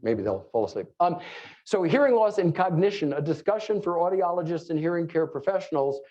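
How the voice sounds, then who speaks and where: A middle-aged man from New York City with a New York accent, giving a fast, joking conference talk full of fillers. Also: a little high, animated, dark tone. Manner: fast-talking, joking asides, many fillers. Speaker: conference lecturer. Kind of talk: live conference presentation. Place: conference room before an audience. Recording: dull lo-fi room recording.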